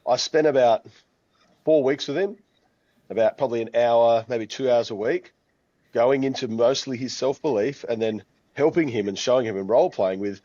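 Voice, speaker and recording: A man's voice: mid-range voice, normal speed, a little mellow, dry recording, dull audio. A man who owns a gym, talking in a casual podcast chat and telling stories in a confident, matter-of-fact way. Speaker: gym owner, co-host. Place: his gym.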